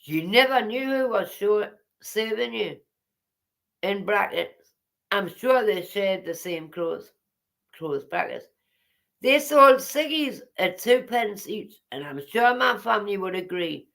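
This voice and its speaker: A woman reads aloud in a casual, chatty way and keeps drifting off into teasing asides and side remarks. Her voice has a gravelly, creaky edge, and her pitch sits in an ordinary middle range. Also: expressive, slow, fairly bright tone. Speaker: vlogger reading her memoir aloud.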